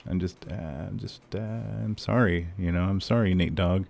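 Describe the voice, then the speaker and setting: A man's voice: low voice, normal speed, gravelly, few pauses, a little mellow. A man streaming a game, chatting casually and ranting with lots of swearing and fillers. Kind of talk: casual live-stream chat.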